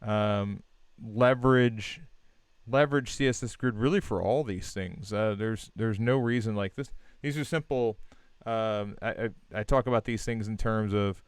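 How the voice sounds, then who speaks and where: A man hosting a live stream, giving relaxed, encouraging design feedback with many fillers and restarts. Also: lowish voice, measured pace, smooth, no room sound. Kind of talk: casual live-stream critique.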